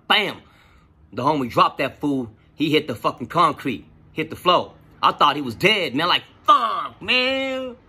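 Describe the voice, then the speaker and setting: A man telling a personal story in a profane, animated, casual way, with lots of fillers. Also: fairly high pitch, breathy edge.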